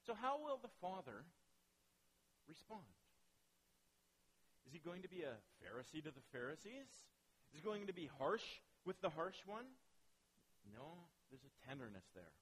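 A man preaching a sermon, retelling a story with animated dramatic pauses. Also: on the high side, breathy edge, poor audio. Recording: faint hiss.

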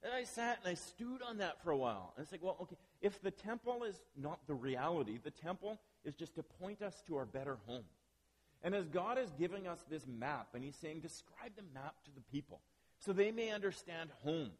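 Pastor preaching in a reverberant church. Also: male voice, fairly high pitch, lively intonation, moderate pace, breathy edge. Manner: conversational, self-deprecating asides to the congregation. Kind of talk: sermon. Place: church building. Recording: long reverb of a church hall.

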